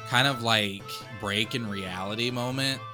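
A man's voice: medium pitch, a little slow, music in the background. A man casually recapping a book on a podcast, acting out quoted lines with asides. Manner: retells with quoted voices and asides. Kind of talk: casual chat.

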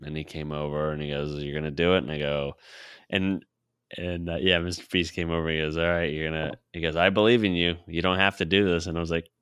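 A man casually telling a long personal story, laughing often, swearing freely and quoting himself in a low mutter. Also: level tone, fast talker, a bit bright, smooth, dry recording, studio quality. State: sore throat.

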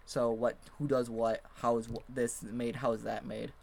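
A man's voice: mid-range voice, little pitch movement, normal speed, gravelly, a little mellow. A young man in college chatting casually on a podcast, rambling with lots of fillers and frequent laughter. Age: young adult. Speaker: podcast guest.

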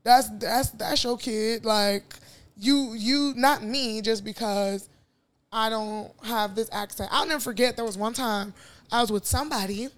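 A somewhat high-pitched woman in her late twenties, talking casually on a podcast. She tells her stories bluntly, swears freely and slips into voices when she quotes people. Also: unhurried. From Nigerian family, raised in Chicago. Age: late 20s. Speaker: podcast co-host. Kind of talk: casual candid chat.

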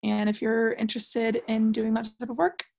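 High-pitched woman guest, bubbly and earnest, just chatting. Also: level tone, normal speed, creaky, darkish tone. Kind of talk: casual chat.

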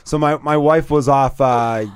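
A man's voice: on the high side, steady tone, a little slow, crowd noise. A man in his thirties, a stay-at-home dad and comedian, rambling through casual chat with plenty of swearing. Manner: rambling, profane, self-deprecating. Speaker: comedian, podcast regular.

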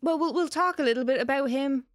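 A woman's voice: high-pitched, quick pace, no room sound, studio quality. A woman co-hosting a podcast, telling a story in a loose, chatty way and swearing casually. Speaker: podcast co-host.

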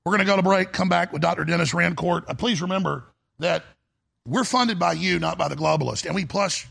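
A man hosts a talk radio show in a fierce, urgent rant. His voice sits high for a man and has a rough, husky rasp. The tone is bright and pressing throughout. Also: brisk. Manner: forceful, urgent ranting. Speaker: host.

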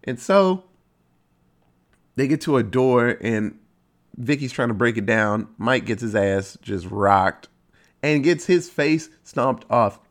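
A movie reviewer with a mid-range male voice casually recaps a horror film's plot, cursing freely as he goes. He takes his time, telling it with lively energy and sudden upward jumps in pitch for emphasis.

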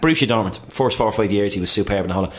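A man with an Irish accent in casual sports chat on radio, animated and chatty. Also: on the low side, very fast.

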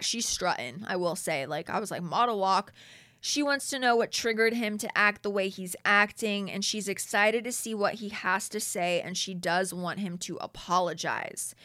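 Bright-voiced young woman recapping TV. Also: mid-range voice, no echo, studio quality. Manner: animated and slangy, reading from her notes. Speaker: reality TV recap host. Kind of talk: casual recap commentary.

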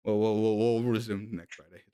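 A man's voice: fairly low pitch, little pitch movement, normal speed, warm tone, clear, resonant tone, dry recording. Stammering, joking man in podcast banter. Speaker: podcast co-host.

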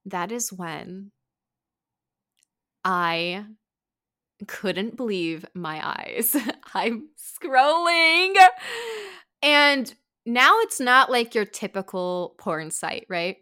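Woman podcast host, bright voice, animated, casual swearing storyteller. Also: medium pitch, very slow, pauses often, clean tone. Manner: animated, says "like" a lot, swears.

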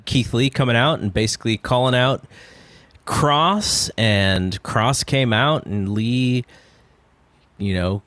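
A man co-hosting a podcast, talking in a casual, animated way as he rants through a critique. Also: mid-range voice, no echo. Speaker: podcast co-host.

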